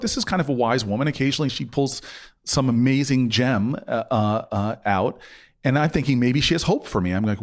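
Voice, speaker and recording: A man's voice: mid-range voice, animated, fairly quick. A man in his forties telling a personal story in a casual interview, acting out both sides of the argument. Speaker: podcast guest.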